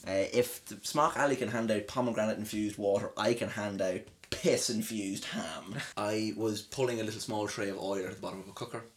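A young Irish man hosts a podcast, rambling through funny stories from his job, laughing at himself and imitating the people involved. His fairly low voice moves a little fast with hardly any pauses, over a slight hiss or hum.

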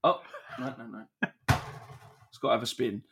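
A man co-hosts a loose live podcast in a mid-pitched voice. He swears casually and trades wry banter. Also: fairly even intonation, normal speed, creaky, bright, forceful tone, breathy edge. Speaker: podcast co-host.

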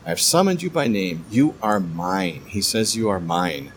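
Guy doing a casual bible devotional, kinda stammery but hyped, slightly low voice. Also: very animated, a little hiss or hum. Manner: halting, stammers and restarts often; enthusiastic, keeps calling things cool. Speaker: Bible teacher.

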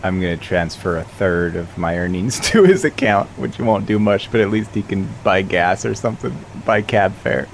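A man playing a tabletop role-playing game, relaxed and offhand. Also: deep voice, normal speed, creaky, hardly any pauses, a little hiss or hum. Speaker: player.

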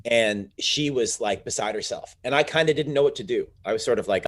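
A man co-hosting a casual podcast chat, talking in animated, rambling asides and swearing freely. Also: medium pitch, fairly quick, few pauses. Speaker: podcast co-host.

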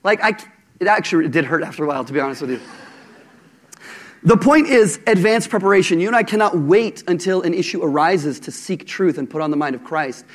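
A man preaching a sermon to a congregation, conversational and animated, with jokes and asides to the audience. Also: sits high, a little fast.

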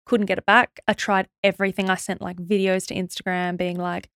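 A young woman telling a stressful story as a podcast guest, in a quick, animated way with many fillers and restarts. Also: mid-range voice, smooth, no room sound, clean studio sound. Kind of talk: casual storytelling interview.

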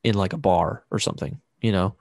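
A man's voice: low voice, a little fast, darkish tone, no room sound, studio quality. A young man co-hosting a podcast, chatting casually from home with a rambling, self-interrupting way of talking and the odd swear word. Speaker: podcast co-host. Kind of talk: casual chat. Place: home room with roommate nearby.

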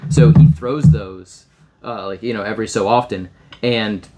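A man's voice: fairly low pitch, fairly even intonation, normal speed, dark tone, dull audio. A man co-hosting a podcast, talking casually about a film, rambling with many fillers and restarts. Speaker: podcast co-host.

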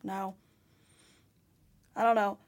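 A young adult woman co-hosting a podcast, who talks hesitantly in casual chat and trails off into quiet asides. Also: medium pitch, little pitch movement, slow pace.

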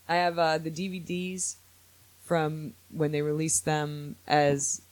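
Man, podcast host, casual chat, opinionated, animated, fairly high voice, dry close sound. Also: no room sound. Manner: opinionated, animated, quick to laugh.

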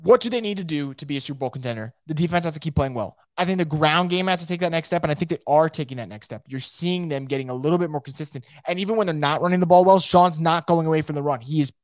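Fast-talking, excitable podcast host man. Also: a little high, no echo, studio quality. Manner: fast, excitable, emphatic, repeats words. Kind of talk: casual live sports talk, reading viewer comments.

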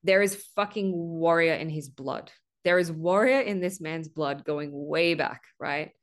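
A woman's voice: deep voice, unhurried. A woman hosting a podcast, giving an earnest spiritual monologue, stressing points with swearing and a habitual "right?". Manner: earnest, repeats "right?" often, swears for emphasis. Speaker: podcast host.

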